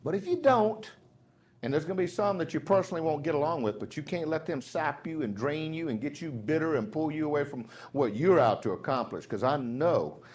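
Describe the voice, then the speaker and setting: A man's voice: fairly high pitch, a little fast, few pauses, darkish tone. A man giving a live motivational speech to sales staff, folksy and rambling with self-deprecating humor. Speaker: sales trainer, motivational speaker.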